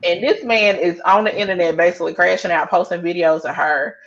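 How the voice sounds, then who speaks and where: A woman's voice: lowish voice, fairly even intonation, a little fast, gravelly, fairly bright tone, muffled recording. A woman co-hosting a podcast, chatting casually and telling stories bluntly with plenty of swearing. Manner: blunt, profane storytelling. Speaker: podcast co-host. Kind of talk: casual chat.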